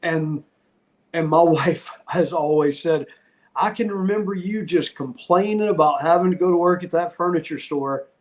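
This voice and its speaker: Candid middle-aged man, slightly high. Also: normal speed. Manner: candid, rambling, heartfelt, with frequent restarts. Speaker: podcast guest, retired wrestler. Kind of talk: casual interview storytelling.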